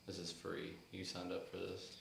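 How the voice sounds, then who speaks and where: Brief: deep-voiced young male podcast host, joking and teasing, echoey room with faint hiss. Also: monotone, normal speed, vocal fry, fairly bright tone. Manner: joking, teasing, laughs easily. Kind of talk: casual chat.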